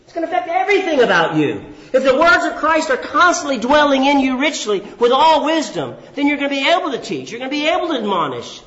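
A man preaching a sermon who asks the congregation questions and answers them himself, swinging between raised, emphatic phrases and low, drawn-out words. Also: very animated, a bit bright. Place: church hall. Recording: echoey, dull church hall recording.

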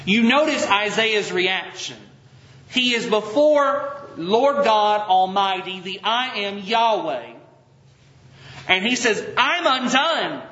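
A man preaching a sermon to his congregation, reading scripture aloud with emphatic, drawn-out phrases and putting direct questions to the listeners. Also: high-pitched, fairly bright tone, roomy sound, dull audio. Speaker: pastor. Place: church sanctuary.

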